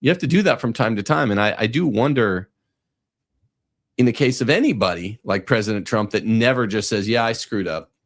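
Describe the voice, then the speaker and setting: A man's voice: lowish voice, expressive, brisk. A middle-aged man hosting a talk show, giving sardonic, rambling commentary with frequent restarts. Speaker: podcast host. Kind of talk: casual commentary.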